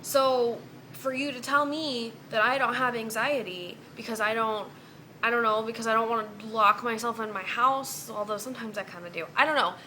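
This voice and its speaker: A woman's voice: fairly high pitch, normal speed, pushed and bright, a little hiss or hum. A young woman in a casual vlog, venting bluntly and cursing freely. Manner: blunt, heavy cursing, exasperated. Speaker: vlogger.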